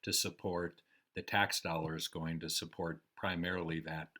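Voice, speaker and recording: An older American man telling his life story in a rambling, unhurried way, with pauses and fillers. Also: deep voice, little pitch movement, sharp tone. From United States. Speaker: memoir storyteller. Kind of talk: casual spoken memoir.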